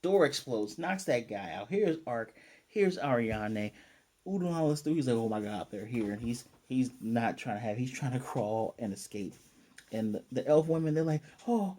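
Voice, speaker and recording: Mellow-voiced man recapping an anime. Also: mid-range voice, moderate pace. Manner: animated retelling, acting out character lines. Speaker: anime reviewer. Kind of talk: casual episode recap.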